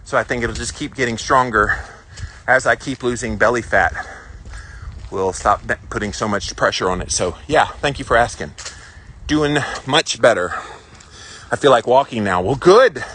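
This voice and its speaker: A man's voice: medium pitch, normal speed, pauses often, pushed and bright, slight background noise. A man in his forties with a Southern US accent, chatting casually with viewers while out walking a hilly trail. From South Carolina, US. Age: 40s. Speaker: vlogger answering live viewer comments. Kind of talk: casual walk-and-talk chat.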